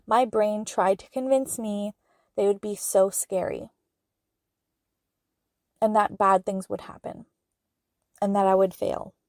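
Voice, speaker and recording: Slow, earnest woman podcaster. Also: medium pitch, dark tone, no echo, studio quality. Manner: earnest and heartfelt, many fillers. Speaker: podcast host and spiritual medium. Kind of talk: casual solo podcast monologue.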